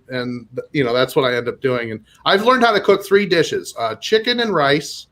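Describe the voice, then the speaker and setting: A man's voice: fairly high pitch, expressive, normal speed, hardly any pauses, fairly bright tone. A man in his forties from Minnesota doing a stand-up set, rambling and self-deprecating, laughing at his own lines between fillers. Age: 40s. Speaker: stand-up comedian.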